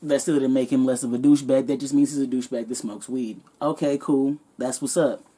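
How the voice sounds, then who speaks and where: A woman vlogger telling a comedic story in a sassy, animated, profane way. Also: a bass voice, a little fast, breathy edge.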